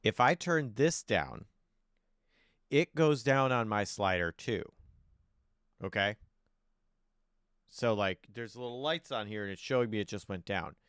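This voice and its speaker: A male streamer talks casually into a desk microphone, thinking out loud and grumbling as he adjusts his settings. His voice sits a bit low and sounds smooth and clean. The sound is dry and close. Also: expressive, a little slow, long pauses, no room sound. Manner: fiddling with mic settings, thinking aloud, frustrated. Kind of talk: casual live-stream chat.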